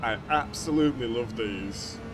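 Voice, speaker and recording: Over music and the roar of racing game engines, a young male streamer chats easily with his viewers at medium pitch and normal speed. He greets people by name and laughs frequently.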